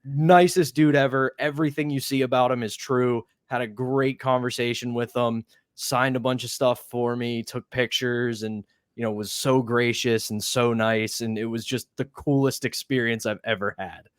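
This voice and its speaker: A young man co-hosting a podcast, telling an animated anecdote in a casual chat and acting out the quoted voices. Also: mid-range voice, normal speed, smooth, no echo. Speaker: podcast co-host.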